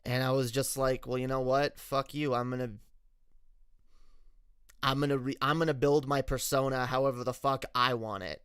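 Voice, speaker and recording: Smooth-voiced man telling a frank story. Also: medium pitch, steady tone, moderate pace, a bit bright, dry recording, studio quality. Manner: frank and profane, with frequent restarts. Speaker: streamer. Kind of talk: casual personal storytelling on a livestream.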